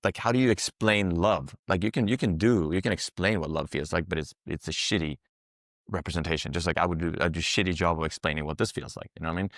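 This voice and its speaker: A man's voice: deep voice, fast, a bit bright, no room sound, studio quality. A man working as a psychedelic guide, talking casually on a podcast, explaining things through long rambling metaphors and swearing freely.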